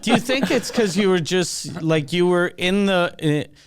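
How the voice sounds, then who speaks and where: Male co-host, smooth and clear, slightly high voice, teasing and inquisitive. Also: lively intonation, unhurried. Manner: teasing, questioning, laughing. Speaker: podcast co-host. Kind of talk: casual chat.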